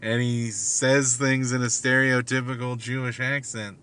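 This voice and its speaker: Man, mid pitch, crisp and bright tone; musing hesitantly in a loose after-work ramble from the car. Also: little pitch movement, a little slow. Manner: hesitant, many fillers and restarts. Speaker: vlogger. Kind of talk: rambling casual monologue. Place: car at night.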